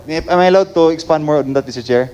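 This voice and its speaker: A man with a Filipino accent speaking as a city councilor in a council session, measured and formal, switching between English and the local language. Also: on the high side, a little mellow, muffled recording, slight background noise.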